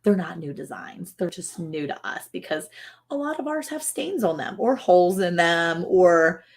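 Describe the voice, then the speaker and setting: A woman co-hosting a casual ranch livestream, chatty and quick to laugh, slipping into voices to mimic people. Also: fairly low pitch, animated. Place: home on a farm.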